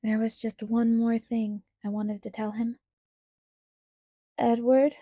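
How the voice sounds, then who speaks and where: A woman reading a novel aloud in quiet, even first-person narration. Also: a little high, moderate pace, no echo, studio quality. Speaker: audiobook reader.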